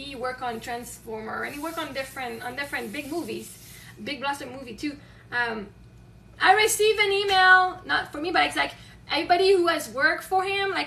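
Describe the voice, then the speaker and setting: A chatty woman with a very high, bright voice hosts her own show, rambling through stories and answering viewer comments with bursts of excitement. She sits a little back from the mic, and a faint noise runs underneath. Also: gravelly, recorded from a distance. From Quebec, Canada. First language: French. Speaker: show host. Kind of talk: casual live-stream chat, answering viewer comments.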